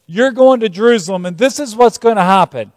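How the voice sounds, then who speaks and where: A man's voice: high-pitched, expressive, a little fast, dry recording, studio quality, in a large hall, voice pushed up. A man voicing a stern male prophet who speaks an emphatic, dramatic warning. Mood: urgent warning.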